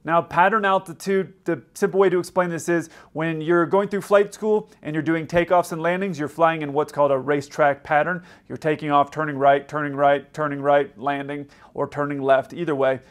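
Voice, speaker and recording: A man's voice: fairly high pitch, little pitch movement, moderate pace, few pauses. A man hosting a video, explaining radio recordings in a chatty, teaching manner. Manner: explanatory, conversational. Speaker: aviation video host.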